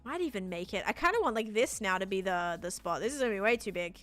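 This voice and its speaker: A chatty Australian woman hosts a live game stream with a middling pitch, thinking out loud while she builds and answering viewers as they come in. Soft music hums faintly behind her. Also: expressive, fast talker. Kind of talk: live gameplay stream chat.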